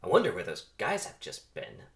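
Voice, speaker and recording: A man's voice: low-pitched, huge pitch swings, a little fast, vocal fry, pitched below the performer's own voice, heavily acted. A man doing an incredulous young bee. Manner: incredulous, questioning.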